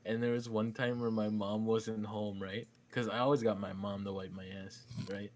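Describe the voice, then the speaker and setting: A young man, a podcast guest, telling childhood stories in casual chat and mimicking his younger self. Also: moderate pace. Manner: animated storyteller, mimics his child self in a high whiny voice.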